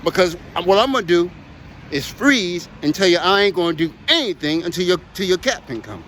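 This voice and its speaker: High, lively-voiced man rambling on a walk. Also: fairly quick, slight background noise. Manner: rambling, emphatic, repeats himself. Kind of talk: casual chat while walking. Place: outdoors on a walk.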